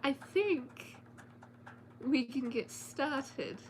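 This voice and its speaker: A woman's voice: high-pitched, lively intonation, extremely slow, a little hiss or hum. A woman reading a story aloud at home in a casual storytime style, chatting and swearing offhandedly as she talks to her cats.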